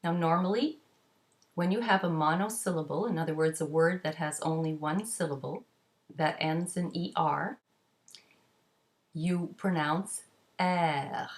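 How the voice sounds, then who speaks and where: Slow, deliberate woman teacher. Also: deep voice. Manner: clear, deliberate articulation, modelling sounds. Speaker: French pronunciation teacher. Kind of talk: slow, careful pronunciation lesson.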